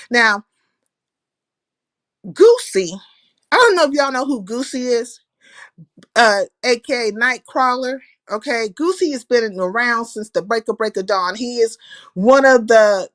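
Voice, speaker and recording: A woman hosts a casual livestream, her voice pitched high. She curses freely, shouts out viewers by name and tells the chat about online drama. The sound is close and dry. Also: no room sound. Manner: profane, animated, greets chat viewers by name. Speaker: livestream host.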